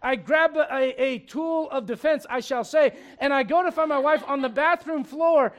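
A man in his forties, a pastor preaching a sermon in a church with joking, animated storytelling. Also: extremely high pitch, normal speed, highs cut off. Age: 40s.

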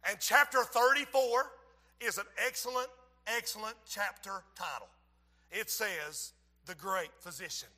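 A preacher delivering a sermon in a high, ringing and very bright voice. He drops into quiet, hushed storytelling, then builds to loud, impassioned exhortation. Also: unhurried.

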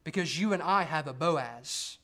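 A man's voice: a little high, expressive, sharp tone. Man preaching an expository sermon. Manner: measured expository preaching, rising for emphasis.

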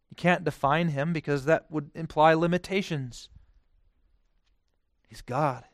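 Dynamic, clear-voiced male preacher. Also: on the high side, steady tone, a little slow, no room sound, studio quality. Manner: dynamic, swinging from hushed to loud and emphatic. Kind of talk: sermon.

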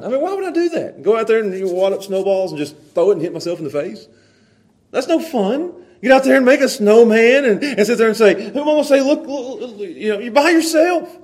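A man preaching a folksy sermon to a small church congregation, swinging from hushed earnest passages to loud, excited storytelling. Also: very high voice, brisk. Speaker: pastor. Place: small church, evening service.

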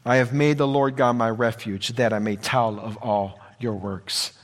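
Slow, earnest male preacher in a reverberant hall. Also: mid-range voice, steady tone. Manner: earnest, repeats phrases for emphasis. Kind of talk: sermon.

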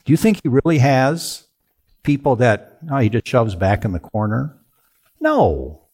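A man's voice: mid-range voice, big pitch swings, a little slow, a little mellow, breathy edge. A man preaching a sermon, asking the congregation rhetorical questions and answering them himself. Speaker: pastor.

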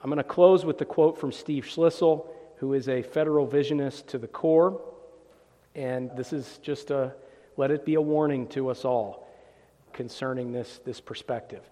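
A man's voice: mid-range voice, normal speed, mellow, in a large hall. A man preaching a polemical sermon, emphatic and sarcastic, repeating phrases for emphasis.

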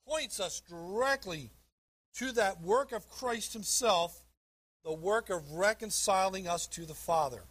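High husky guy preaching a sermon, reads verses out and leans hard on the key words. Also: a bit bright. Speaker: pastor. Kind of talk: sermon with scripture reading.

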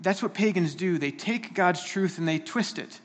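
A man's voice: high-pitched, moderate pace, long reverb tail. A man preaching a sermon, earnest and emphatic, often restarting his phrases.

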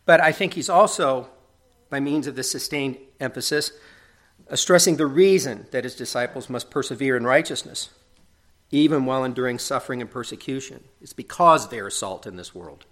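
A man's voice: medium pitch, moderate pace, a bit bright. A middle-aged man preaching a sermon in an earnest, conversational way, often checking in with tag questions.

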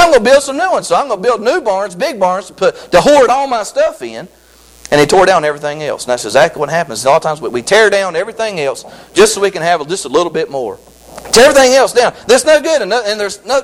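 Excitable pastor, high lively voice. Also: male voice, low-quality recording. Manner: excitable, repetitive preaching with many restarts. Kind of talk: sermon.

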